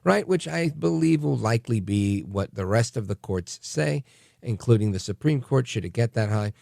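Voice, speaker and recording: A man hosting a talk radio show, delivering a sarcastic, animated monologue. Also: mid-range voice, normal speed, creaky, no room sound, studio quality. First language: English. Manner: animated and sarcastic, mocking voices in quotes.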